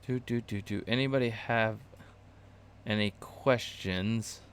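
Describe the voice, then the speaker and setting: Fairly low-pitched and slow, this man's voice carries a faint hiss or hum. He's a channel host running a relaxed live-stream class for video creators, wandering from point to point with plenty of fillers and restarts and laughing at his own side comments.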